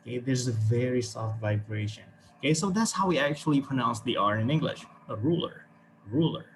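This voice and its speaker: Indonesian-accented male teacher, mid-pitched, upbeat and encouraging, video call with faint hiss. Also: animated, brisk. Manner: encouraging, chuckles often, fills with "okay". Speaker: English teacher. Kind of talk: online class teaching.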